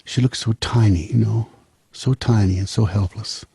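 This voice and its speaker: Older guy, 70s, rambling storyteller, dark husky voice, dry close sound. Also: on the low side, steady tone, normal speed, no echo. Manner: loose, repeats and restarts phrases. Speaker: host.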